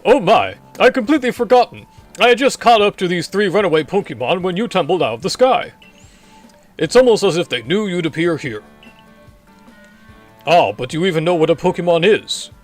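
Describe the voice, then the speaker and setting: A man's voice: sits high, lively intonation, a little fast, faint music behind, pitched above the performer's own voice. A man voicing a fussy, polite male professor in a video game, with courtly, old-fashioned phrasing. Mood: chatty.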